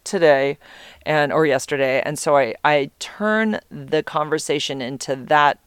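Middle-aged woman, casual storyteller, distracted and profane, smooth tone, dry recording. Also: deep voice, measured pace, no echo. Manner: rambling, easily distracted, swears freely. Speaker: mother telling a personal story.

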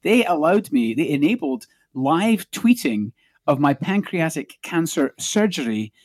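Scottish guy, doctor, chatting on a podcast, kinda high voice, dry close sound. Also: very animated, measured pace, dry recording. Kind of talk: casual podcast chat.

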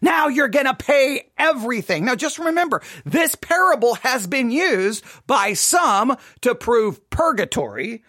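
A man's voice: very high-pitched, sing-song, measured pace, hardly any pauses, sharp tone, no room sound, studio quality. A man hosting a show, commenting on a sermon in a loose, conversational way. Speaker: host.

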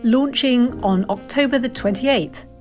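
A woman podcast host narrating a scripted trailer in a measured, inviting way. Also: on the high side. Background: faint music.

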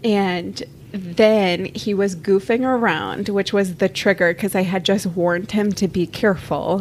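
A calm, candid woman co-hosting a podcast, talking reflectively about parenting her young kids. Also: lowish voice, a little hiss or hum. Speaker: podcast co-host. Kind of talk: casual podcast chat.

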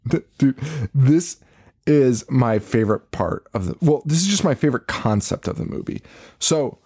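A man's voice: medium pitch, moderate pace, husky. Laughing, foul-mouthed man recapping a movie. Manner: profane, laughing, animated retelling. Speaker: podcast co-host. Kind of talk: casual chat recapping a movie.

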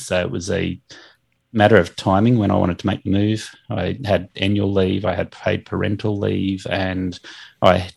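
A man's voice: deep voice, gravelly, husky. A middle-aged Australian man with an Australian accent, chatting in an easygoing, joking way as a podcast guest. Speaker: podcast guest, lawn care business owner. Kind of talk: casual interview chat.

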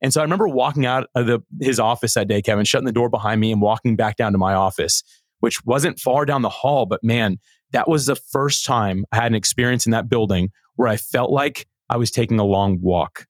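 Man, middle-aged, podcast guest, quick talker, earnest, animated storytelling, dry close sound. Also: medium pitch, no echo. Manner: animated, earnest, frequent repeated starts. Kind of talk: conversational storytelling.

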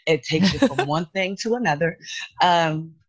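A woman co-hosting a podcast, chatting casually and telling stories in an emphatic, animated way. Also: fairly low pitch, moderate pace. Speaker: podcast co-host. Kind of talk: casual chat.

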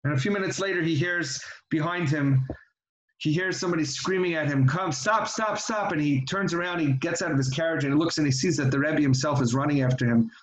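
A man's voice: a little high, quick pace. Earnest man teaching in an echoey room. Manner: earnest, with frequent restarts. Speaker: religious teacher. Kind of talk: reflective religious talk with storytelling.

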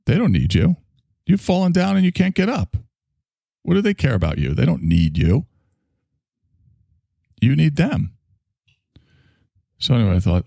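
A man's voice: lowish voice, sing-song, moderate pace, gravelly, long pauses, mellow, dry recording, clean studio sound. A man, a spiritual teacher, telling a rambling, digressive story in a casual monologue, swearing now and then.

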